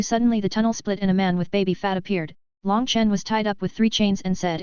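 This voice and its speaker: A woman giving steady, scripted narration of a web novel as an audiobook narrator. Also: mid-range voice, fairly quick, few pauses, smooth, dry recording. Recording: dry, slightly dull lo-fi recording.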